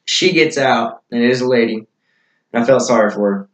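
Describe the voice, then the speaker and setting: Man, casual storytelling, rambling, mid-pitched voice, echoey room. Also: fairly quick, slight background noise. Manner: rambling, many fillers and restarts. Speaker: vlogger telling stories.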